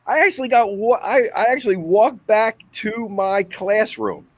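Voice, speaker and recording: A man, the guest, telling a comic story in an animated, excitable way. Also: high voice, moderate pace, dry recording. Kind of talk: comedic storytelling.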